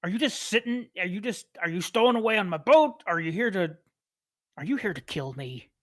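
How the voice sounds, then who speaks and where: A man voicing a blustering hippo-man ship captain who shouts indignant questions. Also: high-pitched, expressive, fairly quick. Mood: suspicious.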